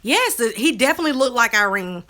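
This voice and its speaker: Woman w/ on a live chat, talks right to viewers, bright clear voice, kinda high. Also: quick pace. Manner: animated, drawling, talks straight to viewers. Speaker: co-host of a live video chat. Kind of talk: casual live-stream chat reading comments.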